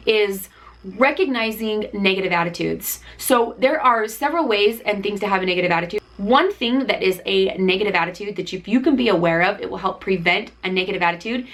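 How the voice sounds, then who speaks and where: A woman host of a DIY vlog retells a story casually. She talks in an animated, chatty way and leans on fillers. Her voice sits at an ordinary middle pitch.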